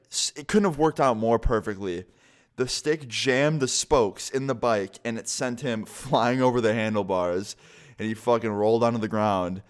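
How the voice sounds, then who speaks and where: A young man telling a casual, profane storytime to his viewers and acting out the quotes. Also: lowish voice. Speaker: vlogger.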